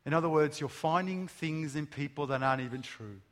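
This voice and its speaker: A man's voice: on the high side, brisk, a bit bright. A man preaching a sermon to a room of listeners, speaking emphatically, posing rhetorical questions and stressing words one by one in lists. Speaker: pastor. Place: large room with an audience. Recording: long reverb of a large hall.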